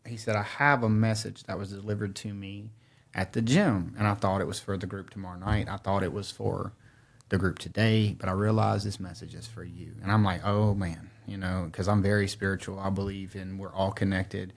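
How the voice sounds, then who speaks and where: Middle-aged man, podcast guest, animated storyteller, lowish voice. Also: moderate pace, creaky. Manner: animated storyteller who acts out his own quotes. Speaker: podcast guest, former firefighter. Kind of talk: storytelling in casual conversation.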